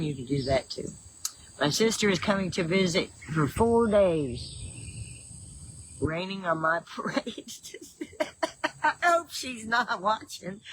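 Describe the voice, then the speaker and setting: A woman's voice: sits low, a little hiss or hum, low-quality recording. An older woman with a Southern drawl, hosting a casual livestream, chatting about her day and reading viewer comments. She rambles, restarts her sentences often and laughs easily. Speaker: livestream host. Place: home in the woods.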